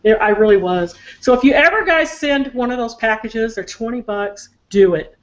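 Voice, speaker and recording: A woman's voice: on the high side, lively intonation, moderate pace, highs cut off. An older woman telling a heartfelt family story in casual chat on a video call, emotional and talkative. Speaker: psychic show co-host.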